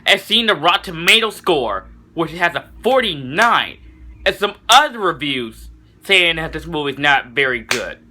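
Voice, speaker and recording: A man's voice: fairly high pitch, sing-song, moderate pace, bright, forceful tone, a little hiss or hum. A young man giving a casual, enthusiastic movie review, rambling and often correcting himself.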